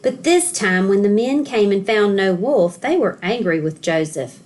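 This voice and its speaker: A woman school counselor reading a children's storybook aloud, telling the story clearly and expressively for young children. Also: mid-range voice, animated, moderate pace, darkish tone.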